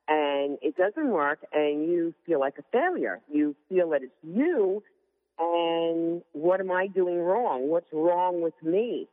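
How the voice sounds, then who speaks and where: A woman calling in to a casual interview, candid and lively, acting out what others said. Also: sits low. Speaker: guest caller. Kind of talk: casual interview over the phone. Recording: tinny phone line with long reverb.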